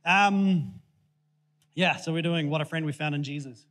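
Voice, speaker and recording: A man's voice: fairly high pitch, normal speed, a bit bright. A man giving a casual, joking sermon to a church congregation, chatty and self-deprecating with plenty of ums. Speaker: preacher.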